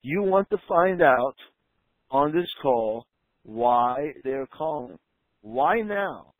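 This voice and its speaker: A man's voice: medium pitch, lively intonation, no room sound, phone-quality sound. Emphatic male practice coach, dry sound. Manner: emphatic, slows down to stress key points. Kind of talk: training talk.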